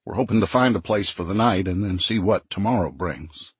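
A man voicing a steady, agreeable male traveler in an audiobook, calm and plain-spoken. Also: deep voice, brisk, husky, no room sound.

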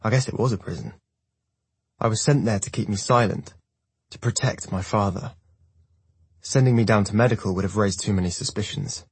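Man narrating a novel in first person, low and husky, dry close sound. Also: normal speed, pauses often, a little mellow, no echo. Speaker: audiobook narrator. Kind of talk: scripted narration.

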